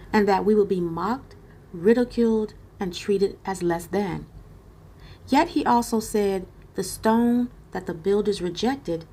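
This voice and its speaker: A woman giving scripted narration in an even, measured way. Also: mid-range voice.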